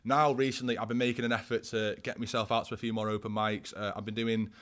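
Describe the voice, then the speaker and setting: A fast, slightly bright voice with fairly low pitch and little pitch movement belongs to a Warrington man in his twenties. As a guest musician in a casual chat, he speaks with a Northern English accent, uses lots of slang and fillers, and sounds a little tipsy from a pint.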